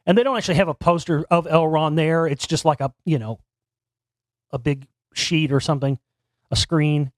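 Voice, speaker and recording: A man's voice: a little high, moderate pace, dry recording, studio quality. A man hosting a talk show alone, giving casual commentary into a desk microphone and rambling with many restarts and repeated words. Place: home studio near Dallas.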